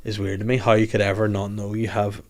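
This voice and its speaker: A man's voice: lowish voice, flat delivery, fast. Man, casual podcast banter, rambling, sweary. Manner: sweary, rambling, acts out quoted voices. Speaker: podcast host. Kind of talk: casual comedic chat.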